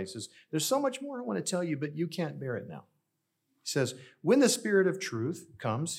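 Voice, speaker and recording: Middle-aged pastor telling a story. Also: male voice, mid-range voice. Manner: conversational storytelling, addressing the congregation directly. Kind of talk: sermon.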